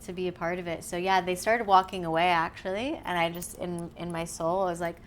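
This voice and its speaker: Podcast guest, female, slightly low voice, animated and giggly storyteller, faint hiss behind. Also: a little fast. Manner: animated, laughs often, acts out quotes. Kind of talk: casual storytelling chat.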